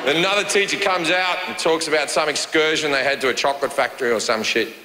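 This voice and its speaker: A high-voiced Australian man tells profane stand-up stories, slipping into the voices of other people. He is heard in a big echoing hall with a long reverb tail. Audience laughter rises clearly behind him. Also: fast, background noise. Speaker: stand-up comedian. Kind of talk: stand-up comedy set. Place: large theater stage. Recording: echoey hall, live audience.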